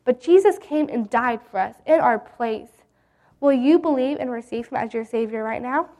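A woman reading a Bible story aloud in an earnest, gentle way. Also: a little high, expressive, normal speed.

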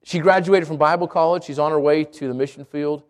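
A man's voice: a little high, steady tone, a little fast. A male pastor preaching a sermon, asking rhetorical questions again and again and restarting words as he goes.

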